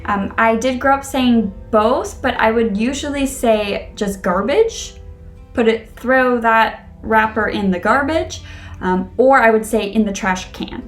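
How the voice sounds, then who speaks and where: A woman's voice: a little high, a little slow, faint music behind. Chatty Connecticut woman teaching dialects. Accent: Western New England. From Connecticut, USA. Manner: chatty, thinking aloud with many ums. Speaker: English teacher. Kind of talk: casual explanatory lesson.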